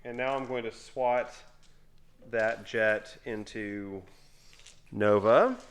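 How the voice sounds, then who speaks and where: A middle-aged man at home playing a tabletop game with his son, calling out his moves and counting dice aloud in a quiet mutter. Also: fairly low pitch, fairly even intonation, takes it slowly, a little hiss or hum. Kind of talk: casual tabletop game play.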